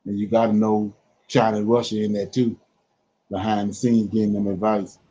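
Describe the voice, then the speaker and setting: A man with a low, dark, husky voice argues his points in a casual, emphatic, vernacular way. The audio is dull and lo-fi. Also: level tone, normal speed. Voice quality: informal, emphatic, vernacular speech. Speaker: co-host of a Bible study discussion. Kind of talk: casual discussion.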